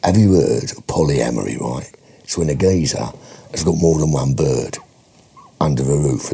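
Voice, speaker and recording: A man voicing a swaggering, pushy Cockney film director who swears as he pitches. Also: gravelly, mellow, breathy edge, exaggerated voice.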